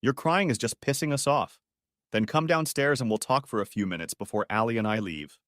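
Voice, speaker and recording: A man's voice: mid-range voice, brisk, fairly bright tone, no room sound, studio quality, natural voice. A man voicing a cold, caustic husband confronting his cheating wife. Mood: angry. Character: cold, angry betrayed husband, middle-aged man.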